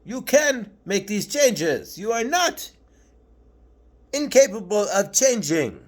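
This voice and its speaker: A man's voice: sits high, big pitch swings, slow, exaggerated voice. A man channeling a preachy ascended spirit master. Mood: earnest, urging. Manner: earnest rhetorical questioning, lecturing.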